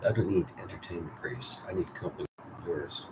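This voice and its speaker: A man's voice: deep voice, a little fast. A man reading and editing his own story aloud live, wry, profane and self-mocking. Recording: loud background noise.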